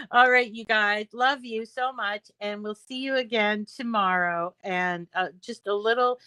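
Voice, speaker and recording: A woman's voice: mid-range voice, fairly even intonation, measured pace, few pauses, bright, forceful tone, clear, resonant tone. A chatty middle-aged woman hosts a live craft stream. She rambles from topic to topic and answers viewer comments as they come in. The sound is dry and close, with no room echo. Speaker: craft livestream host. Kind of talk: casual chat with live viewers.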